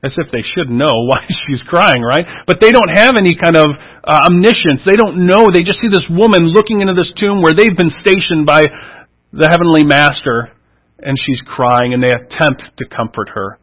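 A man reads scripture aloud and then preaches on it, earnest and reflective, pressing on key words before letting his voice fall soft. His voice is a little high, his pace moderate, and the recording is rough.

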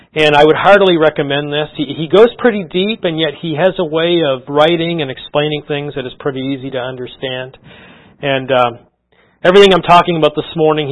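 Earnest preacher with a dull, lo-fi sound. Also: male voice, on the high side. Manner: earnest, conversational preaching with frequent restarts. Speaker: pastor. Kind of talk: sermon.

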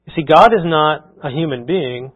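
Middle-aged male pastor, earnest conversational sermon, voice a bit high, slightly muffled recording. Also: moderate pace. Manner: earnest, conversational preaching with frequent restarts. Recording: slightly dull lo-fi sound.

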